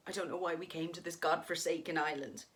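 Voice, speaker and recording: A woman's voice: fairly low pitch, fairly even intonation, fast, a bit bright, lightly acted. A woman doing a frightened Dublin wife. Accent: Irish, Dublin. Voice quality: breathy, often whispered. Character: frightened young Irish wife, tearful. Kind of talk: dramatic story reading.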